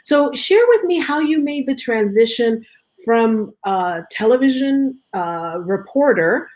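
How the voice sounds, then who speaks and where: A woman's voice: a little high, lively intonation, slow pace, darkish tone, low-quality recording. Affirming woman host of an interview. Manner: affirming, reflective summarizing. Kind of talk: casual interview.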